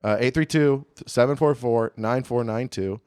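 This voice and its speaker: A man's voice: medium pitch, moderate pace, a little mellow, smooth. A man co-hosts a casual comedy podcast, teasing and joking with plenty of loose fillers. His voice sits in a middle range. The recording is close and dry, with no room echo. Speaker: podcast co-host.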